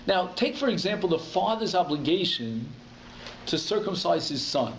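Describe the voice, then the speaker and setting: A man's voice: high-pitched, animated, normal speed, dull audio, a little hiss or hum. Man teaching Talmud in an echoey hall. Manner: explains step by step, restates terms in English. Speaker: rabbi teaching Talmud class. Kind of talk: conversational Talmud lecture. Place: community synagogue hall.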